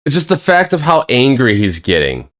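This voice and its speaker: A host in a casual interview, reacting briefly and laughing along with the guest. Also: female voice, extremely low pitch, wildly swooping pitch, moderate pace.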